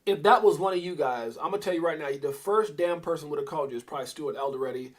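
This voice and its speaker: A middle-aged man hosting a casual crypto livestream, rambling and breaking into loud excited bursts. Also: a little high, fast talker.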